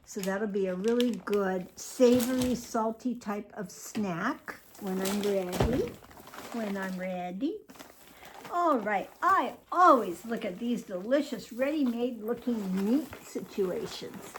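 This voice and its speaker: In her chatty haul vlog, an older woman goes through her groceries for viewers, cheerful and rambling. Her mid-range voice is animated, she takes her time, and background noise can be heard.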